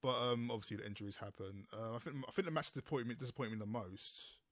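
A man co-hosting a casual podcast, talking in quick, rambling bursts with restarts. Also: lowish voice, no echo, clean studio sound. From United Kingdom. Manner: rapid, rambling, with many restarts and laughs. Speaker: podcast co-host.

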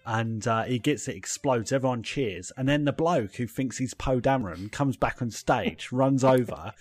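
A man's voice: medium pitch, normal speed, dry recording. A young man, co-hosting a casual comedy chat, riffing playfully with lots of fillers. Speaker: podcast co-host.

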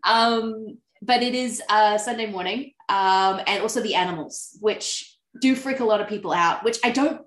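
A woman talks casually as a guest, bubbly and quick to laugh. Her voice sits in the middle for a woman and carries a roomy echo around it. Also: mid-range voice. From New Zealand. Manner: giggly and chatty, laughs often. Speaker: podcast guest. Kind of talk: casual interview chat.

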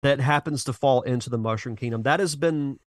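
A man's voice: mid-range voice, fairly quick, no room sound, studio quality. A man hosting a retro gaming podcast in casual chat, earnest and rambling, with restarts and sighs. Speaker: podcast host.

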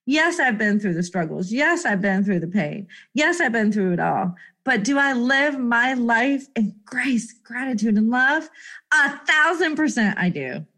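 A woman's voice: on the high side, big pitch swings, a little slow, bright, forceful tone. A woman hosting a solo motivational podcast, talking in an effusive, emotional way with frequent laughter and repeated exclamations. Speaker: podcast host.

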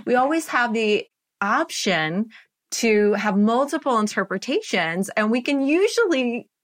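A woman in her fifties, a life coach being interviewed, talking in an animated way with frequent laughs and "right?" checks. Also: a little high, measured pace. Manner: animated, laughs often, says "right?" a lot. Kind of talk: conversational interview.

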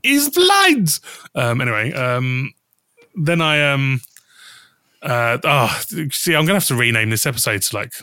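A man's voice: medium pitch, sing-song, measured pace, bright, forceful tone, no echo. A man hosting a casual podcast, talking in a rambling way with many restarts and some swearing. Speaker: podcast host.

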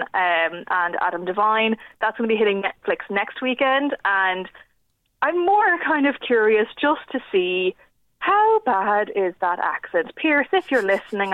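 A young Irish woman, a film news editor guesting on a casual radio interview, chats animatedly about films and laughs often. Her voice is medium-pitched with no room sound, carried over a tinny phone line.

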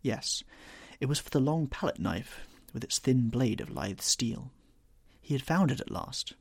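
A man narrating a classic novel in an expressive, measured storytelling manner. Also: mid-range voice, creaky, husky, dry recording, studio quality. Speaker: audiobook narrator.

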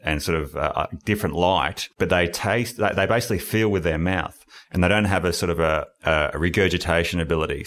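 A man's voice: low voice, fairly bright tone. A man hosting a casual podcast interview, talking in a rambling, enthusiastic way and often correcting himself mid-sentence. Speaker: podcast host.

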